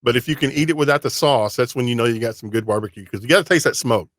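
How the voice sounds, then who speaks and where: A man's voice: medium pitch, racing, fairly bright tone, no room sound, clean studio sound. A man from Texas, hosting a podcast and chatting easily, often repeating words as he talks. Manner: easygoing, repeats himself while talking. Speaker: podcast host. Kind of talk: casual interview.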